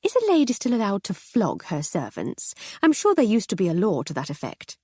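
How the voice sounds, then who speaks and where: A witty aristocratic lady, as a woman reader plays her speaks with arch, drawling amusement. The voice lifts higher than the reader's own and swings widely. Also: huge pitch swings, fairly quick, warm tone, husky, dry recording, studio quality.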